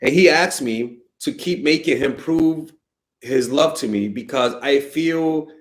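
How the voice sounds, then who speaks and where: A man's voice: fairly high pitch, unhurried, noisy background. A man giving blunt, exasperated dating advice in a casual monologue, swearing and exclaiming as he answers viewer questions. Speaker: dating coach.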